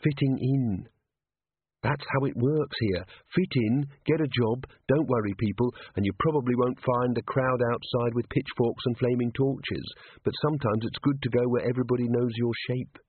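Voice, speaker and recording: A man voicing a calm, steady young female watch officer who speaks in a level, deliberate way. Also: mid-range voice, slightly rough, dry recording, lightly acted. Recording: tinny phone-like audio.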